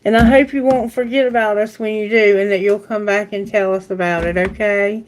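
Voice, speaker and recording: A woman's voice: medium pitch, steady tone, brisk, slight background noise. A woman reading tarot on a live stream, chatting casually and affectionately in a rambling way. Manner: affectionate, rambling, baby talk to pets. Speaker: tarot reader.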